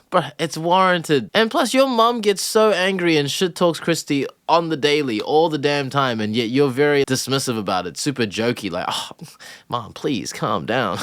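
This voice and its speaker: A man's voice: on the high side, expressive, normal speed, hardly any pauses, a bit bright, dry recording. A man hosting a reaction video, commenting casually in an exasperated, slangy way and scolding the people he watches.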